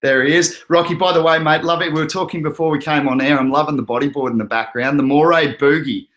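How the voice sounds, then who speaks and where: A man's voice: a little high, fairly even intonation, fast, fairly bright tone. An Australian man hosting an online show in easygoing, rambling casual chat, with frequent fillers and restarts. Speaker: host.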